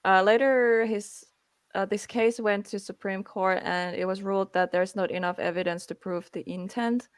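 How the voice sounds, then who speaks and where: A woman's voice: medium pitch, steady tone, normal speed, clean tone, no room sound. A woman from Finland, an English speaker with a stuffy nose, hosting a casual live-stream chat and reading from her notes with lots of fillers. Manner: chatty, reads from notes, frequent fillers. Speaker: host.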